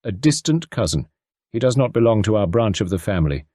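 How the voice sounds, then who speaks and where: A man's voice: fairly low pitch, sing-song, brisk, mellow, dry recording, clean studio sound. A man voicing a worried upper-class mother with urgent, pleading speech in an audiobook reading. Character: anxious upper-class English mother, earnest.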